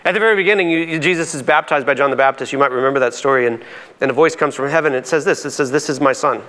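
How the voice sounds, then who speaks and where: A pastor preaching a sermon in a conversational, emphatic way, his voice climbing high on key points. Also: very fast, bright, forceful tone.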